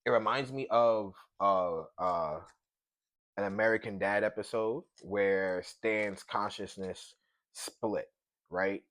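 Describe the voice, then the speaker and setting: This man from Brooklyn, in his thirties, hosts a podcast alone and riffs in a slangy, profane, easygoing way with a Brooklyn accent. His voice is low-pitched with a fairly bright tone, captured in a dry recording.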